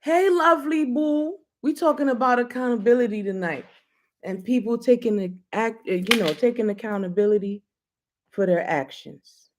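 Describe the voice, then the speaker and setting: A woman's voice: on the high side, moderate pace. A woman hosting a casual live talk show, blunt and playful, laughing often and speaking straight to her viewers. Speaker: host.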